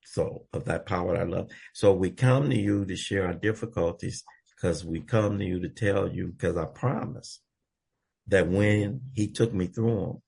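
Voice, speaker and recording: A man's voice: low voice, normal speed, gravelly, darkish tone, breathy edge. A man from Los Angeles, co-hosting a recovery podcast, talks in an earnest, folksy way like a preacher. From Los Angeles, USA. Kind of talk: conversational sharing.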